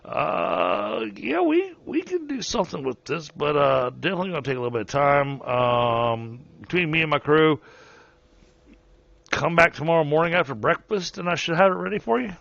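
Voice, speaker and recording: A man's voice: fairly high pitch, sing-song, moderate pace, vocal fry, a bit bright, dry recording, dull audio, voice pushed up, heavily acted. A man voicing a busy, friendly male blacksmith in a tabletop game, casual and easygoing. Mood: reassuring.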